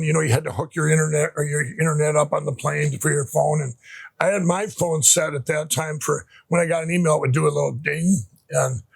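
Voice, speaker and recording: A man from Minnesota, a podcast guest, telling his personal faith testimony in a rambling, halting way, full of restarts and fillers. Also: on the high side, vocal fry, slightly rough.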